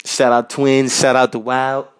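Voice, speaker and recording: A man from Minnesota hosting a podcast, talking casually and giving loud, repetitive shout-outs full of slang. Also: medium pitch, completely flat delivery, unhurried, clear, resonant tone. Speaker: podcast host. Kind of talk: casual solo podcast monologue. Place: North Minneapolis.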